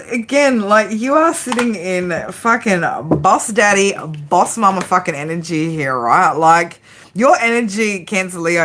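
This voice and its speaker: A woman's voice: medium pitch, a bit bright, a little hiss or hum. Brash, swearing Australian woman. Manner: brash, swears often, chatty and giggly. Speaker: tarot reader. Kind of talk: casual live tarot reading.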